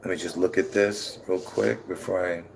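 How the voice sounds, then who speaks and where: A man's voice: deep voice, normal speed, creaky, slight background noise. Rambling man on a livestream. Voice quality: slightly slurred from dentures. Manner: rambling, repeats himself, bursts into excited emphasis; chuckles at his own slips. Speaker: livestream host. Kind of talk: rambling religious livestream talk.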